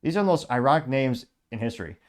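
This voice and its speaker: A man's voice: mid-range voice, lively intonation, quick pace. Sarcastic man mocking as he reads comments. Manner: sarcastic, mocking, rambling with asides. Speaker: commentary show host. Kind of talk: casual commentary reading social media comments.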